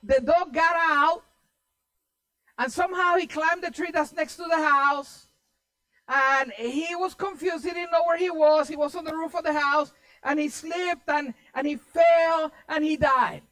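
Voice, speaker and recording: An indignant wife who scolds her husband for his lack of compassion, as a preacher puts her on. The voice rises well above the speaker's usual pitch and stays loud and exasperated. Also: steady tone, a little slow, poor audio. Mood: exasperated scolding.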